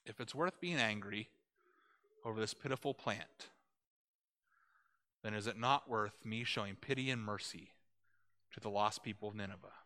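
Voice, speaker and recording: A man voicing God as a calm, patient questioner who speaks in soft, measured questions. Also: on the high side, long reverb tail. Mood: gentle.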